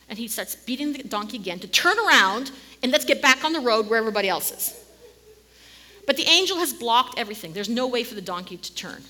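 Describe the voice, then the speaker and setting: Animated, breathy woman preaching a sermon. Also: fairly high pitch. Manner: animated storytelling, dips to near-whisper. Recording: long hall reverb.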